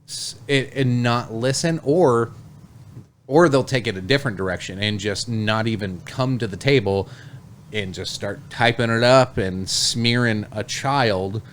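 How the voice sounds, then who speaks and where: A man as a guest in a casual chat, talking in a relaxed, rambling way. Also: mid-range voice, measured pace, a little hiss or hum. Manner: relaxed, rambling, with many fillers. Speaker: podcast guest.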